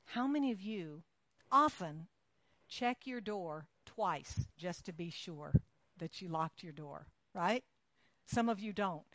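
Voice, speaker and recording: A woman delivers a sermon, leading into her point through a long story. She talks animated and conversational, slipping into the voices of the people in it. The sound is dry and close. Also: lowish voice, takes it slowly, dry recording. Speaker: preacher.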